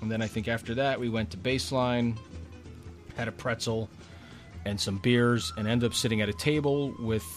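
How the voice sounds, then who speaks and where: A man's voice: medium pitch, steady tone, moderate pace, faint music behind. A man co-hosting a podcast, telling a trip story in a chatty, rambling way, often restarting his sentences. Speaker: podcast co-host.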